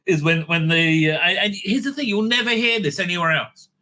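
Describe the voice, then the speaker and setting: A man hosting a casual monologue, rambling with many restarts and sudden excited bursts. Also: high-pitched, a little fast. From Israel. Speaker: host.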